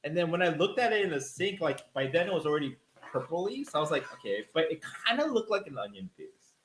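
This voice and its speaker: This is a man co-hosting a cooking stream from home, playful and joking as he chats. His pitch swings about with energy. The kitchen sounds echoey, with a faint hiss underneath. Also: quick pace. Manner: playful and animated, jokes along. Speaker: co-host of a live cooking stream. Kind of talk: casual chat.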